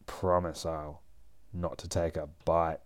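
A man's voice: low voice, little pitch movement, slow. A man doing a purring, predatory seductress. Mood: seductive. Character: seductive predatory woman in leather.

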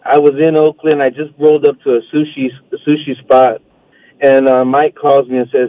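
A man's voice: mid-range voice, steady tone, moderate pace, dry recording. A man calling in to a sports radio show, telling a story casually and acting out the voices. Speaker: caller. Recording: dull phone-line sound.

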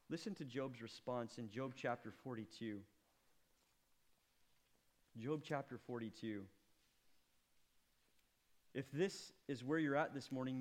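A man's voice: mid-range voice, a little slow, pauses often. A male pastor preaching a sermon in a dramatic, emphatic way, speaking directly to the congregation.

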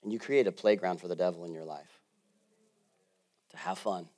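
Animated preaching man, loud to soft. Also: deep voice, normal speed. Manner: conversational, jokey preaching. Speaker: pastor. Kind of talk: sermon.

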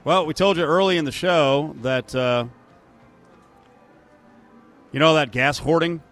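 A man's voice: on the high side, a little slow, fairly bright tone, soft background music. A man hosting a sports betting radio show, casual and dryly sarcastic.

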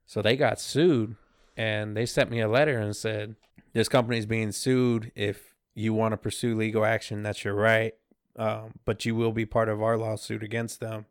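A man's voice: on the low side, level tone, normal speed, clean tone, no room sound, clean studio sound. A man co-hosting a podcast, telling a story in laid-back slang and quoting what others said to him. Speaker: podcast co-host. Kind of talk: casual storytelling chat.

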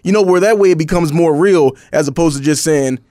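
A man's voice: fairly high pitch, brisk, mellow, dry recording, studio quality. A man co-hosting a sports talk radio show, asking questions and making reasoned points. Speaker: radio co-host.

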